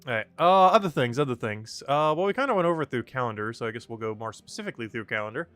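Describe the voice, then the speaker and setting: A man's voice: mid-range voice, lively intonation, fast, fairly bright tone, clean tone, faint music behind. A man streaming a game, rambling casually with many fillers and frequent laughter. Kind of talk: casual game livestream commentary.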